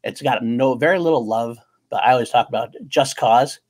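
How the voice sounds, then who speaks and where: Fast-talking husky man, animated. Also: medium pitch. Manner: animated, laughs often, many restarts. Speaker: co-host of a movie podcast. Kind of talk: casual movie chat.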